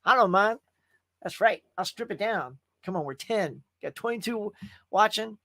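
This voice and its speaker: A man's voice: high-pitched, expressive, normal speed, gravelly, sharp tone, dry recording, clean studio sound. A man hosting a live movie chat stream, casual and folksy, chatting straight to his viewers. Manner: chatty and folksy, often calls viewers "y'all".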